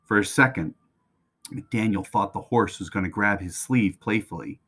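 A man with a fairly low voice reads a children's storybook aloud, shaping each line with expressive, animated delivery. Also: normal speed. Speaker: reader. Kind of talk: reading a children's book aloud.

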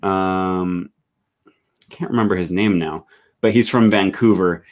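A man hosting a casual chat, relaxed and curious, with many fillers. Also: low-pitched, a little slow. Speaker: host. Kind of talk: casual video call chat.

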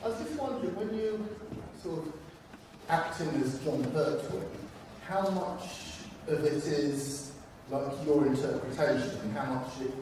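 A man from the audience asking a question haltingly, searching for words, in a large hall. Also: on the high side, expressive, a little mellow. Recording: echoey hall.

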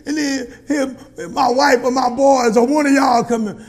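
A pastor with a strikingly high voice delivers a sermon. He talks in a folksy, colloquial way, calls out to his congregation and builds to shouts. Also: steady tone, measured pace, faint music behind. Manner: preaching with call-and-response, rising to shouts.

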